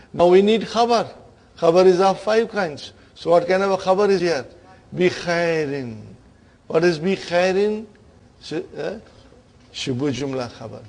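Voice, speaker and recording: Slow, patient male grammar teacher. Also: on the high side, gravelly. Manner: patient, checks understanding with frequent "okay?" and "huh?"; addresses students as brothers and sisters. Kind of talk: classroom grammar lesson.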